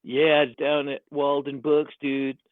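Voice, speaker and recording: A man, a writer, telling a story in a relaxed interview, animated and laughing often as he acts out the voices of people he quotes. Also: fairly high pitch, slow pace, dry recording. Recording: tinny phone-line sound.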